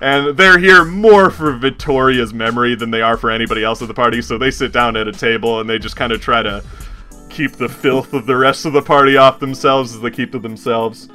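A man's voice: mid-range voice, fairly quick, bright, forceful tone, soft background music. A man narrating as game master of a tabletop game in a rambling, laugh-prone way. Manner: rambling, filler-heavy, laughing often.

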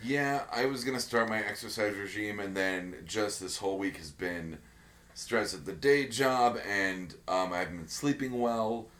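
A man's voice: lowish voice, normal speed, fairly bright tone. A man co-hosting a casual podcast chat, rambling with lots of fillers and restarts. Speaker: podcast co-host.

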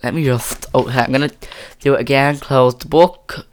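A teen hosting a casual podcast at a middle pitch. The talk rambles and restarts a lot. The voice is close on a boom mic. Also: normal speed. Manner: rambling, chatty, many restarts. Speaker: podcast host. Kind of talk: casual chat. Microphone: boom mic on a stand.

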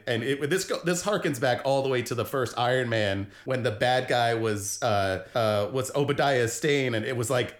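Playful jokey male podcast host. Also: medium pitch. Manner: playful, jokey, sometimes sings lines. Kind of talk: casual pop culture review chat.

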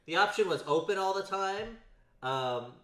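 A woman's voice: medium pitch, lively intonation, measured pace. A woman co-hosting a podcast in casual chat, laid-back and hesitant, often murmuring agreement. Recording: roomy echo.

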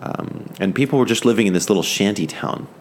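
A man's voice: on the low side, lively intonation, fairly quick, a little hiss or hum. A man giving an informal, fervent Bible lesson. He rambles, stopping and restarting with many fillers. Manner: fervent, enthusiastic. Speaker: Bible teacher.

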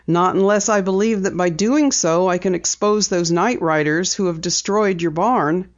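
A woman reader voicing a gruff middle-aged male newspaper editor who asks brisk, pointed questions. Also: lowish voice, highs cut off, lightly acted. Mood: probing.

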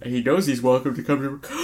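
A man's voice: medium pitch, fast. A young man co-hosting a podcast, joking and swearing through a casual chat and telling stories with put-on voices. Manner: profane, joking, animated storytelling. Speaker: podcast co-host.

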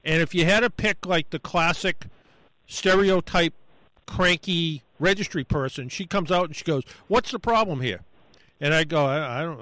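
A man with a slightly high voice spins a long, rambling story in casual chat, acting out every voice in the exchange himself. The sound is dry and close, with no room around it. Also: fairly bright tone, no room sound, low-quality recording. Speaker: guest storyteller. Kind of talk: casual anecdote on a talk show.

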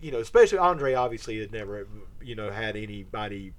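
A man co-hosting a podcast in a casual chat, animated and emphatic, forever tacking "man" and "bro" onto his sentences. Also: fairly low pitch, quick pace. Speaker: podcast co-host. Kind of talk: casual chat about wrestling history.

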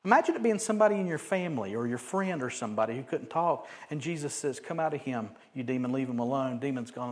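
A man preaching a sermon, animated, swinging from loud emphatic bursts to quiet joking asides. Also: mid-range voice, fast, hardly any pauses. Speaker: pastor.

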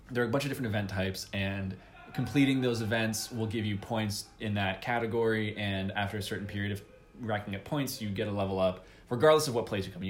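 A man's voice: fairly low pitch, a little hiss or hum. A man in casual conversation who tells stories in long, rambling runs. He is full of fillers and restarts, and he breaks into laughter and silly quoted voices. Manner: rambling, animated storytelling with put-on quotes and laughs. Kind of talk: casual chat.

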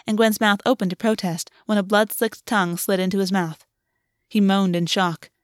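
A woman reading a fan fiction story aloud in a steady, even narration. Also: mid-range voice, dry recording, clean studio sound. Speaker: audiobook reader.

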